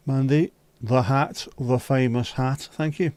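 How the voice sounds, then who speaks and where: A man with a Scouse accent chats easily through a live stream, calling out viewers by name and joking about things going wrong. His voice sits at an ordinary middle pitch. The sound is close and dry, with no room around it. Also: moderate pace, few pauses, warm tone, no room sound. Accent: Liverpool (Scouse). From Liverpool, England. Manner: chatty, greets viewers by name, banters and grumbles at his setup. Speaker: livestream host. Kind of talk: casual live-stream chat.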